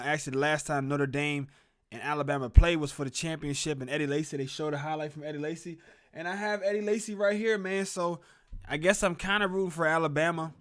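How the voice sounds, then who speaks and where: A man's voice: fairly high pitch, fairly bright tone. A young man hosting a casual sports show at home, rambling about a football game and greeting viewers in the chat. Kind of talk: casual live game reaction stream. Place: at home in a room with a closet.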